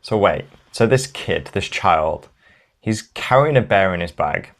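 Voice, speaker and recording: A man's voice: low-pitched, animated, a little slow. A man co-hosting a podcast in casual chat, joking and riffing on the story with made-up dialogue. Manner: jokey, riffs with mock radio dialogue. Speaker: podcast co-host.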